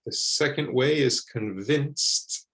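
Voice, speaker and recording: A man teaching English pronunciation, repeating words slowly and carefully for learners. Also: mid-range voice, a bit bright, rough recording. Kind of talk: slow, deliberate pronunciation lesson.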